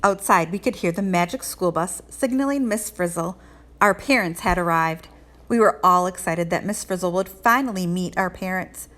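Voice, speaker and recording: Expressive woman reading a children's book aloud. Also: fairly low pitch, moderate pace. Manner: expressive, lilting storytelling. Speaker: read-aloud host. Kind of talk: children's storybook read-aloud.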